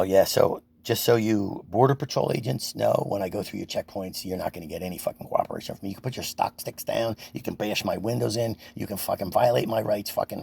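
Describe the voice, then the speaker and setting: A man's voice: deep voice, creaky, a little mellow, husky. A man delivering an angry, profane, rambling political rant to his viewers, with lots of restarts. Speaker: First Amendment auditor vlogger.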